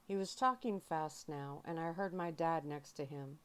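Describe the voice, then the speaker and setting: A woman reading a young adult novel aloud in first person, in a soft-spoken ASMR style with feeling. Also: sits low, normal speed, hardly any pauses, smooth. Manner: calm, emotional first-person narration. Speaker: audiobook reader.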